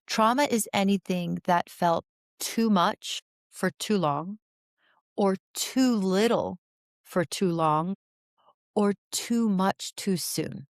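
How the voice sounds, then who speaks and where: A woman in her forties, a therapist talking as a podcast guest, explaining with animated energy and frequent restarts. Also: mid-range voice, slow, dry recording, studio quality. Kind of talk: podcast interview conversation.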